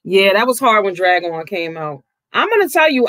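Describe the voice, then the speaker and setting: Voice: medium pitch, sing-song, moderate pace, fairly bright tone, no room sound. A vlogger giving outspoken, casual commentary, swearing freely, with the voice jumping up when riled.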